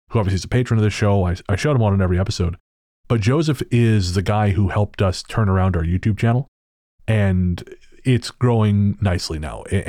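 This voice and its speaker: A man's voice: fairly low pitch, warm tone, no room sound, studio quality. A man hosting a podcast, chatting casually with sarcastic, profane jokes and frequent laughter. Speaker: podcast host.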